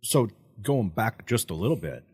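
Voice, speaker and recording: Deep, husky joking podcast host man. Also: lively intonation, darkish tone. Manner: joking, quick interjections. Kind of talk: casual interview.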